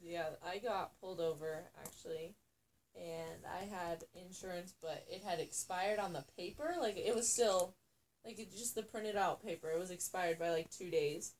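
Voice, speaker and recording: A woman chatting casually, recounting a minor story in a relaxed way. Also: lowish voice, moderate pace, a little hiss or hum. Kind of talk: casual chat.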